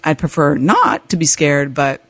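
A woman hosting a podcast, telling a personal story in an emotional, animated way, with laughs and restarts. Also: low voice, measured pace, dry recording. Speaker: podcast host.

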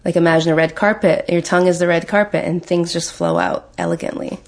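Woman, guest coach, encouraging, husky low voice, casual motivational chat. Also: fairly even intonation, quick pace.

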